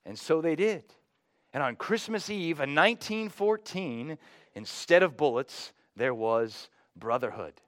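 A pastor from North Texas with a Texan accent, preaching a sermon with emphatic swells that fall back to quiet low phrases. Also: male voice, lively intonation, a little slow, no room sound, studio quality. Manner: dynamic, rising to emphatic highs then dropping low.

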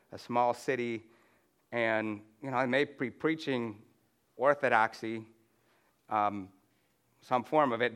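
A man preaches a conversational sermon with slides to a room, reading scripture aloud and often restarting with "you know." His mid-range voice is a bit bright and smooth.

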